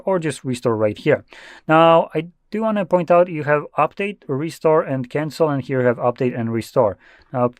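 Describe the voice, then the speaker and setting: A man's voice: fairly high pitch, dry recording, studio quality. A young man giving a loose, offhand tech tutorial with blunt asides. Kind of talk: casual screen-recorded tutorial.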